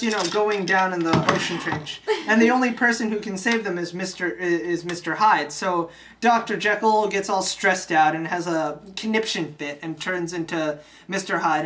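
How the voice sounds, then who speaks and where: An irreverent comic storyteller recaps a film in a loose, chatty way, swearing freely and tossing in jokey asides. The voice sits at a plain middle pitch. A faint hiss and occasional clicks sit under the recording. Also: a bit bright, far from the mic, poor audio. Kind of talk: casual comedic film recap.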